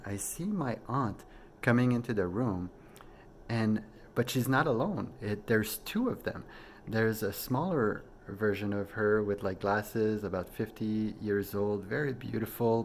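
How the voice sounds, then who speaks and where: A man with a fairly low voice tells a personal story on his own vlog in a loose, casual way. He is excitable, dropping to a hush and then jumping up to exclaim. A faint room ambience sits behind him. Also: slight background noise. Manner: excitable, swings from hushed to exclaiming. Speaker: vlog host.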